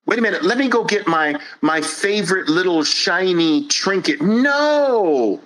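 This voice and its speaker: Brief: a man mocking a soft, easily offended whiner, pitched up and bright. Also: moderate pace, rough recording. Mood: pleading. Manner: whining, pleading, high-pitched complaining. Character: whiny soft adult pleading, easily offended. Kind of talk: mocking impression in a monologue.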